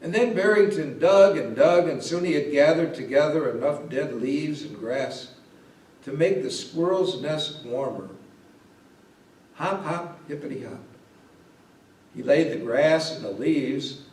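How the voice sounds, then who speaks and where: A man, a pastor, reading a Christmas story aloud in a slow, unhurried way, his voice a little higher than most men's. He is heard from some distance in a roomy, echoing space that sounds like a parish hall. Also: lively intonation, a little mellow. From Ohio, USA. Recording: roomy echo, mic at a distance.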